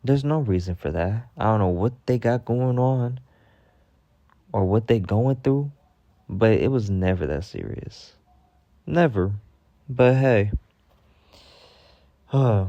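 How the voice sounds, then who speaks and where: A young man spins a storytime rant at an unhurried drawl, his low voice full of gravelly fry. The tone is dark and mellow, and he plays up the drama with slang and plenty of swearing. The sound is dry, as if close to the mic. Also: dry recording, muffled recording. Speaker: storytime vlogger.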